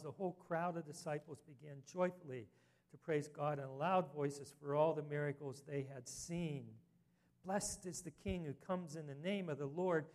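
Pastor, male, slightly higher voice, earnest sermon delivery with emphatic scripture reading. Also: a little mellow.

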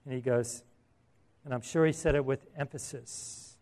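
A man's voice: medium pitch, steady tone, normal speed, a little mellow. A man preaching a sermon in a conversational way, asking the audience questions and chuckling at his own asides.

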